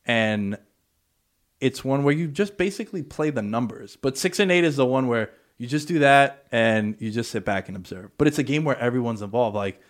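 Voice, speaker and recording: A man's voice: medium pitch, expressive, moderate pace. Laid-back young man telling stories. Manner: storytelling, laid-back slang. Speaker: podcast host. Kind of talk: casual chat.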